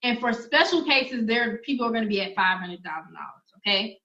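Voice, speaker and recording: A woman trainer giving an energetic, chatty sales presentation to her audience, speaking. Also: fairly high pitch, fairly quick, echoey room, dull audio. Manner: energetic, chatty, addresses audience as y'all and guys. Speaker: online business trainer.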